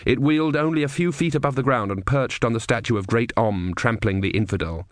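A man's voice: mid-range voice, fairly quick, dry recording, studio quality. A man narrating a comic fantasy audiobook, reading expressively and doing the characters.

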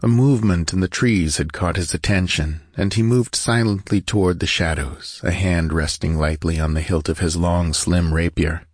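A man reading an adventure story aloud as narrator in a measured, steady way. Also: deep voice, husky, dry recording, studio quality. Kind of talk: scripted audiobook narration.

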